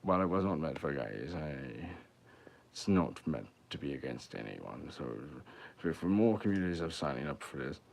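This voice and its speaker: A man's voice: very deep voice, very animated, normal speed, creaky, a little mellow. A young man, a musician talking to his viewers in a rambling, crude and joking livestream chat. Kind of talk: casual livestream banter.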